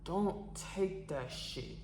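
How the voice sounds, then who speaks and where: Houston girl doing a dude mumbling under his breath real low, bouncy pitch, echoey. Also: animated, slow pace, a little mellow. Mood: irritated mutter. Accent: Southern US, Houston. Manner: low, muttered. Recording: echoey room.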